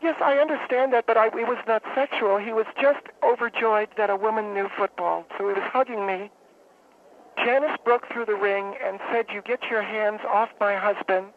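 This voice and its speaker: A woman calling in to a radio show, telling a long story in a halting, rambling, deadpan way. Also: fairly high pitch. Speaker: radio caller. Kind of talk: phone-in storytelling. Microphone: telephone. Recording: tinny phone line with faint hiss.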